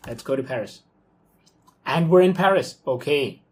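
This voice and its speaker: A young man talks through his work live at his desk. His voice sits at a middle pitch, loose and excitable. He thinks aloud, filling gaps with okays and ums. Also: moderate pace. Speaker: software developer talking through his workflow. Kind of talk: casual live screen-recorded walkthrough.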